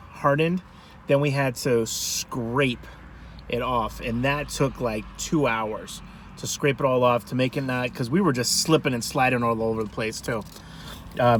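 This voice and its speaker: A man food vlogger telling a rambling, animated story to camera from a parked car. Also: mid-range voice, unhurried, slight background noise. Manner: rambling, animated, self-interrupting.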